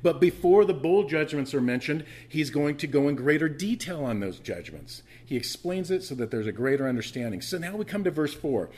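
With a fairly high, sing-song voice, this male pastor preaches briskly and with few pauses, teaching conversationally through restarts and asides. He repeats phrases to stress them and climbs into loud, forceful outbursts.

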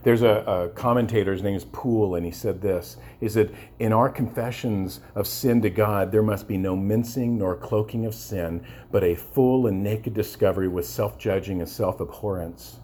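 A male preacher with a mellow, slightly husky voice. He delivers his sermon with passion, stumbling over words and restarting as he goes. Now and then he turns to his listeners and asks them to agree. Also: lowish voice, normal speed, few pauses. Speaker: pastor.

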